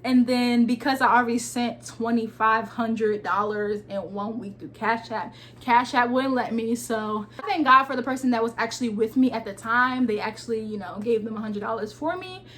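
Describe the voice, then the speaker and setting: A woman in her twenties telling a personal story to her viewers in a casual, animated vlog. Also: fairly high pitch, moderate pace, hardly any pauses, a little hiss or hum. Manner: animated, talks straight to viewers with "y'all". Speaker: lifestyle vlogger.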